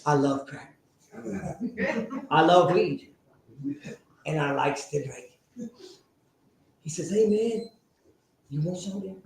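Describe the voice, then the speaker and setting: A man telling his recovery story to a live audience, animated and sometimes shouting. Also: a little high, takes it slowly, pauses often. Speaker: speaker sharing a recovery story. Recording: very echoey room, faint noise.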